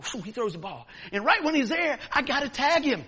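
A man preaching a sermon, telling a story with lively, acted-out moments. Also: very high voice, a little fast. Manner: animated storyteller, acts out scenes. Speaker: pastor.

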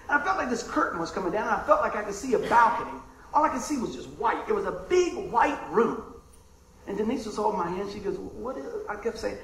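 A man preaching a sermon, telling a personal story in a conversational, animated way that drops to a hush at times. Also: high voice, quick pace, roomy sound, slight background noise, rough recording. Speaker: pastor.

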